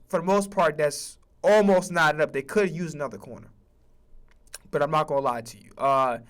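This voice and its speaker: A man with a high, bright voice rants about football on his stream. He talks emphatically and swears often, tripping over quick restarts as he builds his points. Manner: emphatic, profane, animated, with frequent stammered restarts. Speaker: streamer and sports commentator. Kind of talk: casual sports rant.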